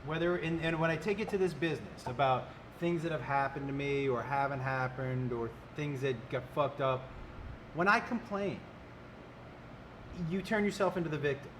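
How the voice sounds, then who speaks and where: High-voiced man talking earnestly on a podcast. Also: moderate pace, fairly bright tone, slight background noise. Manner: earnest, reflective, repeats himself while thinking. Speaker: podcast co-host. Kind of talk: casual podcast chat.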